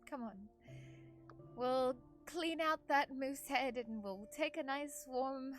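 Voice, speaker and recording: A woman's voice: high voice, slow pace, soft background music. A woman playing in a tabletop game, talking in character in a soothing, reassuring way. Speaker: player. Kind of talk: in-character role-play.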